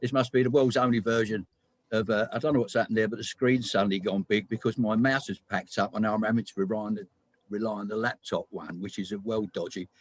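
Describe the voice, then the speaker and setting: A man's voice: fairly low pitch, fairly even intonation, fast, no echo. A man in casual chat on a video call, explaining things eagerly as a musician sharing songs.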